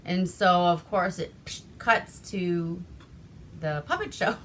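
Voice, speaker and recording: This Alaskan movie reviewer talks slowly in a fairly low voice, swearing, laughing, and wandering off track as she recaps an old film. Slight background noise is audible.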